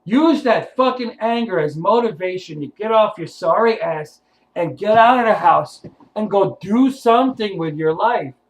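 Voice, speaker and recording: A man's voice: sits high, lively intonation, normal speed, poor audio. A man giving a blunt, profane motivational rant to his viewers, confrontational and preachy. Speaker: vlogger.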